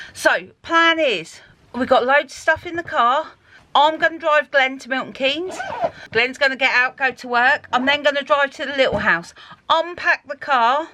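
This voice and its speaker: High bouncy lady vlogging on a handheld cam, excitable and exclaiming. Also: no echo. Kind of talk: casual video diary chat. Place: narrowboat and car.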